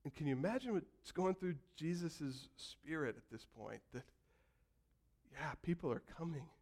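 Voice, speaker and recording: Guy preaching a sermon, kinda high voice, goes quiet then yells out the quotes, storyteller vibe. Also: expressive, normal speed. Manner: storytelling preacher, acts out quotes and builds to shouts. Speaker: pastor.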